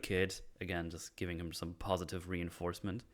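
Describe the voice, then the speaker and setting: Deep-voiced man rambling through a recap. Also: level tone, a little fast, few pauses, a bit bright. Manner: rambling, swears freely, laughs often. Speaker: podcast host. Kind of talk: casual episode breakdown chat.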